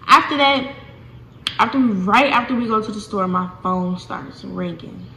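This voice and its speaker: A young woman telling a casual storytime to her viewers, animated and chatty, often calling them y'all. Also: mid-range voice, normal speed. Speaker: vlogger. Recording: echoey room with faint noise.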